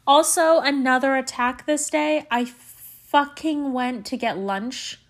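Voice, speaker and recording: A young woman with a high voice talks in a playful put-on Southern accent. She rants alone on her podcast, swearing freely and sounding exasperated and emphatic. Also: takes it slowly. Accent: put-on mock Southern US. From Canada. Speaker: podcast host. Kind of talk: solo comedic storytelling rant.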